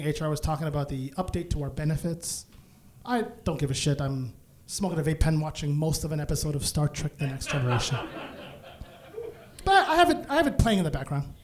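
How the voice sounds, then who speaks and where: Male stand-up comic, very lively pitch, animated, laughing through his story on stage. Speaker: stand-up comedian. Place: comedy stage.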